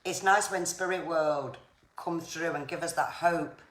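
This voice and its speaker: Low-voiced woman giving psychic readings. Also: a little slow. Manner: chatty, reassuring, says viewers' names often. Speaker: psychic medium. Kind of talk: live-stream spirit readings. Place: home room on a live stream. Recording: echoey room with faint noise.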